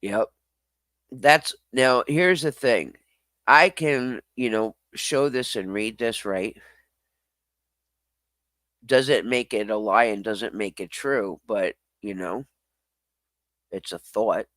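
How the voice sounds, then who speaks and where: A male streamer with a lowish voice and a dry, close sound, chatting casually with his live audience. He reads their comments aloud and fires back bluntly. He swears freely and laughs often. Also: slow pace, long pauses, fairly bright tone, dry recording. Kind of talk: casual livestream, reading chat comments.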